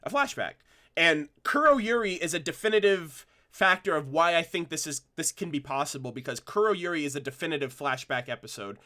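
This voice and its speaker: A man's voice: on the high side, lively intonation, a little fast, sharp tone. A young man hosting a livestream, rambling in casual commentary with lots of restarts and fillers. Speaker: streamer discussing a cartoon episode.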